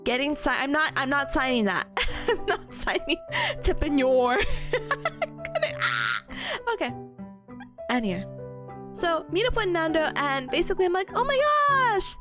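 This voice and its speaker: A woman's voice: sits high, a little slow, pauses often, music in the background. A woman streamer chatting casually as she recaps her convention trip, giggling often and stumbling over repeated words. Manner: giggly and animated, frequent laughing and stammered restarts. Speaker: VTuber streamer.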